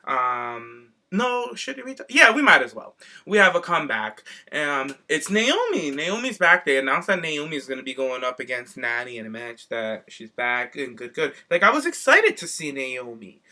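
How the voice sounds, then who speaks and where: A man co-hosting a podcast, telling stories in a sassy, animated way with lots of slang. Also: on the high side, normal speed, few pauses. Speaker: podcast co-host. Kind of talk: casual chat.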